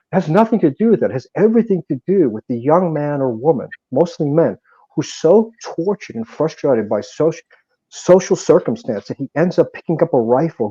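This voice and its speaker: A man's voice: mid-range voice, warm tone, breathy edge, no echo. A man being interviewed as a guest actor, speaking in an intense, reflective and earnest way. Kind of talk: interview conversation. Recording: dry, dull lo-fi audio.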